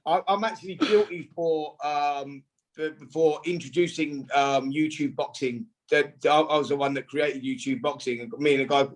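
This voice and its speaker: A man chatting as a guest on a boxing podcast, his voice sitting a little high for a man. He tells stories with lots of energy. He slips into other people's voices as he quotes them. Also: normal speed. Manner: animated storyteller who acts out quoted dialogue. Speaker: podcast guest, former boxer and pundit. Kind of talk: casual podcast chat.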